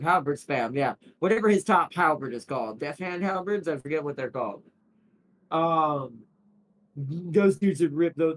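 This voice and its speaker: A man's voice: on the high side, a little hiss or hum, rough recording. A man streaming a strategy game, rambling through casual commentary with frequent laughs and restarted sentences. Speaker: gaming streamer.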